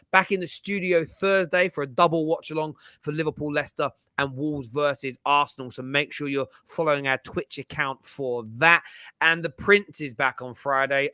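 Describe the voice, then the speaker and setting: A man in his thirties hosts a casual football chat show, his voice bright and forward. He rambles along, tripping over and repeating his words, and it sounds dry and close to the mic. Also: mid-range voice, clear, resonant tone, no room sound. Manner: chatty, stumbles over words and repeats himself. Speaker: host.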